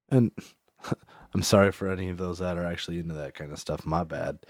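A man's voice: deep voice, steady tone, brisk, no room sound, clean studio sound. A man co-hosting a podcast, telling a story in a rambling way with many "like"s and frequent laughter. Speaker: podcast co-host. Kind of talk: casual storytelling chat.

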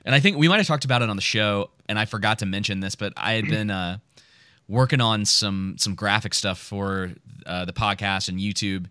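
Podcast co-host, male, low-ish and bright, hesitant and meandering, close dry mic. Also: a little fast, no echo. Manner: rambling, hesitant, many fillers. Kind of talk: casual chat.

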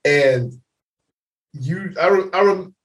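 A man co-hosting a podcast, telling a story in casual chat, laughing often and loudly acting out what people said. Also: sits high, slow, far from the mic. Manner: animated, laughing, acts out quotes loudly. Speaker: podcast co-host.

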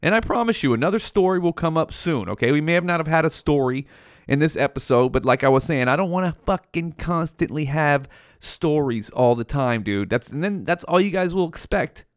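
A man's voice: on the high side, expressive, a little fast, smooth, no echo, studio quality. A young man hosting a solo podcast from home, rambling casually with heavy swearing and slang. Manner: profane, slangy, rambling with many fillers. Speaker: podcast host. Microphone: headphones and podcast mic.

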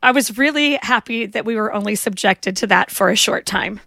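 A woman from the American South co-hosts a casual movie-review podcast. She talks emphatically and gets exasperated. Her voice has a gravelly fry, and it sounds dry and close. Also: mid-range voice, normal speed, bright, forceful tone, no echo. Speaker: podcast co-host.

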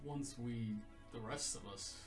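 A man's voice: medium pitch, slow pace, music in the background. A man playing a tabletop game, joking and casually announcing what his character does. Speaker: player. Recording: echoey room.

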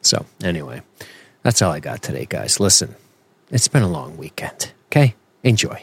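A man's voice: low-pitched, big pitch swings, moderate pace, creaky, a bit bright, slightly rough. A man co-hosting a podcast in casual chat, rambling and joking with lots of fillers and self-corrections. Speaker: podcast co-host.

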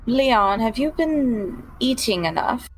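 A woman's voice: on the high side, lively intonation, slow pace, faint music behind, voice pushed up, poor audio. A woman playing a blunt outspoken vampire. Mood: confrontational. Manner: frank, confrontational, stammering.

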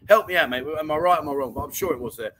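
A man's voice: on the high side, expressive, racing, a bit bright, rough recording. A man hosting a casual livestream chat show, reading out viewer comments and rambling with easy laughter. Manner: chatty, rambling, laughs easily.

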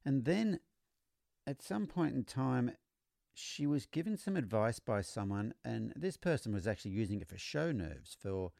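A man hosting a podcast, explaining horse training in a relaxed storytelling way, often repeating words as he restarts. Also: medium pitch, moderate pace, vocal fry, dry recording, clean studio sound. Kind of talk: conversational teaching monologue.

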